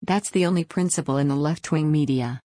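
Low-voiced woman reading news commentary. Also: fairly quick, mellow, no echo, clean studio sound. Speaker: article reader. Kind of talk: reading an opinion news article aloud.

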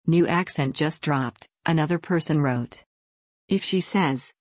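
A woman reading a news article aloud in a steady, scripted way. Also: low-pitched, unhurried, no echo. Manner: even, read-aloud delivery. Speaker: news reader.

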